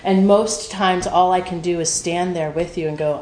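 A woman at a recovery meeting talks about her own recovery, emotional and frank, swearing a lot and using many fillers. Her voice is lowish, steady, and a little mellow, at normal speed, captured in an echoey room with background noise.

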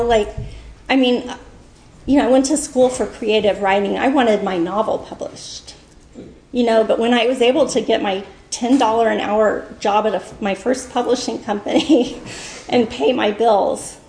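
Woman with a gravelly voice in an echoey room. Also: a little high, measured pace, darkish tone. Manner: rambling, many fillers, laughs through emotion. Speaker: recovery meeting speaker. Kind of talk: personal share at a meeting.

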